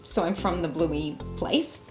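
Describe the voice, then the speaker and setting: A woman's voice: on the low side, unhurried. An Australian woman from Melbourne hosting a podcast, chatting with a child guest in a bubbly, encouraging way. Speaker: podcast host. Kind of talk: casual chat with a child guest. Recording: echoey room with music behind.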